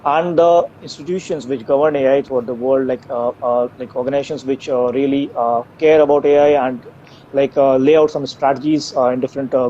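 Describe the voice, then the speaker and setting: A tech company's co-founder answers audience questions in a live Q&A, his speech full of fillers and restarts. His voice is mid-range with a dark tone. The live stream audio is dull and lo-fi with faint background noise.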